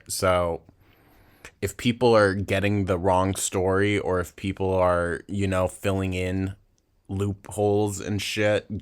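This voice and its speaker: A man hosting a reaction video, mocking and swearing in a sarcastic, casual way. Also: deep voice. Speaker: reaction channel host.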